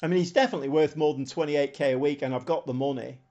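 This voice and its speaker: A man's voice: fairly high pitch, steady tone, racing, mellow. Chatty man on a lo-fi stream. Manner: chatty and rambling, thinks aloud, chuckles often. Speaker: game streamer. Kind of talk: casual live-stream chat.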